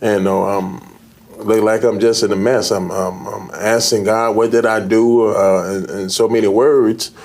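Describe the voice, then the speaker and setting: A man, a pastor, telling in an interview how he came out of a coma, halting and repeating words earnestly. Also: on the low side, level tone, gravelly, darkish tone. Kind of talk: interview guest recounting illness. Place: TV studio.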